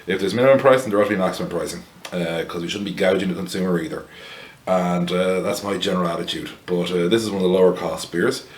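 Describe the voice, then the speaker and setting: A man's voice: deep voice, quick pace, roomy sound. An Irish man hosting a casual beer review to camera, rambling and wry, with blunt opinions and plenty of fillers. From Ireland.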